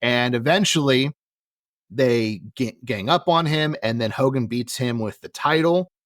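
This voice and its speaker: A man's voice: mid-range voice, a little slow, fairly bright tone, dry recording. Wry male podcast co-host, dry sound. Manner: dry, wry recaps with light sarcasm. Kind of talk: casual chat, recapping events.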